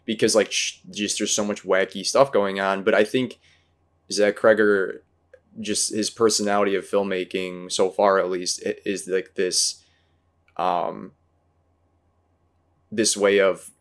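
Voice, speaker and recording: A man's voice: low-pitched, level tone, unhurried, long pauses. A man in casual movie talk, rambling and searching for words with many fillers. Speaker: podcast host.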